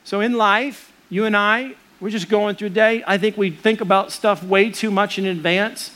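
A man's voice: high voice, steady tone, moderate pace, pushed and bright. A middle-aged man preaching a sermon as a pastor, earnest and conversational.

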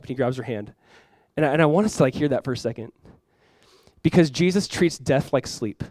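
A young man preaching a sermon as a pastor, conversational and animated, acting out quotes and laughing often. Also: mid-range voice, fairly quick, dry recording.

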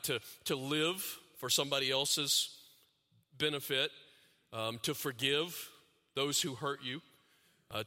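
A male pastor preaches a sermon in a big-room space, engaging the audience with questions and repeated phrases. When he gets animated, his voice grows louder and higher.

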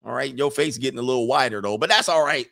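A man in his forties hosting a casual commentary stream, joking and animated, often trailing off while searching for a word. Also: mid-range voice, quick pace, creaky. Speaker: host reacting to clips and super chats.

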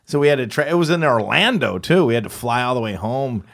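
A man telling a story in casual chat, animated, jumping into high voices when quoting people. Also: quick pace, creaky. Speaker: improv comedian, show host.

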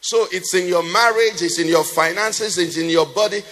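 A man's voice: high voice, moderate pace, a bit bright, soft background music. A man preaching a sermon as pastor, asking the congregation questions and letting them finish his sentences. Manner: asks the congregation questions and has them fill in the answer. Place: church hall. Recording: long church reverb.

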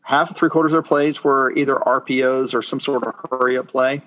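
A man's voice: medium pitch, steady tone, brisk, fairly bright tone, muffled recording. Rambling man talking football. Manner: thoughtful, rambling with fillers. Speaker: podcast co-host. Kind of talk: casual sports chat.

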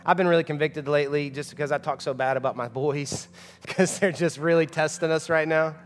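Pastor, 30s, high voice, conversational emphatic preaching, church reverb. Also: male voice, steady tone, brisk, slight background noise. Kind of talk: sermon. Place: church sanctuary. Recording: long hall reverb of a church.

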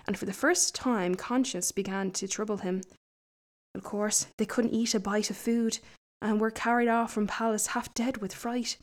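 A woman's voice: mid-range voice, darkish tone. Chatty woman reading a folk tale. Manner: chatty asides between passages. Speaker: storyteller.

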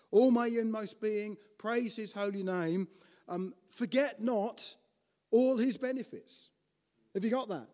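A man preaching a teaching sermon in an animated way, often restarting and putting questions to his listeners. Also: high voice, unhurried, big-room sound.

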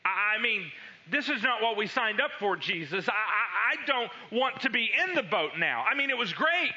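Animated high-voiced man preaching a sermon. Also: moderate pace, muffled recording. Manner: animated storytelling, acting out the disciples' voices.

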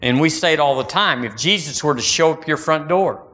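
A man preaching a sermon in a folksy, animated way, repeating phrases and rising into bursts. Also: a little high, brisk. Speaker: pastor.

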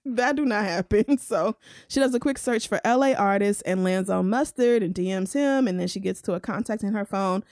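A woman's voice: medium pitch, a little fast, no echo, clean studio sound. A woman co-hosting a casual chat, recapping a TV episode with slang and lots of laughter. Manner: laughing, slangy, animated retelling. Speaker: podcast co-host.

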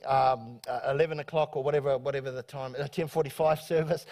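A man's voice: medium pitch, steady tone, a little fast, a little mellow. A middle-aged male pastor preaching a sermon in a church, who stumbles and repeats words and calls out for amens from the congregation. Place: church sanctuary.

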